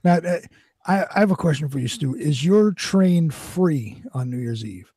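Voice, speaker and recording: Husky New York man, dry sound. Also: on the high side, expressive, normal speed, mellow, no room sound. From New York City. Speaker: podcast co-host. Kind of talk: casual chat.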